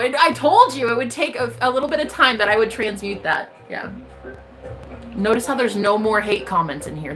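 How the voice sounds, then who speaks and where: A woman's voice: a little high, bright, forceful tone. A woman, a spiritual reader, giving an emphatic, profane motivational rant straight to her viewers.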